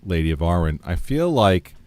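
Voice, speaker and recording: A man's voice: low voice, sing-song, normal speed, a little mellow, no room sound. A man from the United States streaming a game, chatting casually, reading chat aloud and laughing often.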